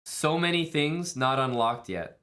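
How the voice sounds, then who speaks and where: Unhurried and lively in intonation, this man's voice is fairly high and a bit bright. On his live stream he reads viewer messages, thanks people, and keeps the casual chat relaxed and full of jokes.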